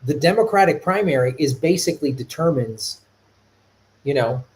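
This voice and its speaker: The rough recording captures a middle-aged man from Chicago hosting a live stream, his medium-pitched voice moving at a moderate pace. As a podcast host, he is animated and rambling, with many restarts.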